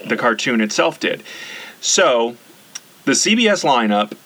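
A man from the central United States hosts a relaxed conversation. He has a bright, clear-edged voice at a middle pitch. He rattles off long lists in an easy, chatty way. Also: unhurried. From US Central region. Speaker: podcast host. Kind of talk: casual nostalgic chat.

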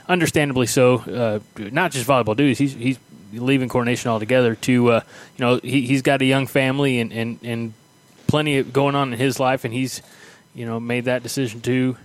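A man hosting a podcast from home, chatting casually and rambling with many pauses and fillers. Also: mid-range voice. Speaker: podcast host. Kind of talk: casual chat.

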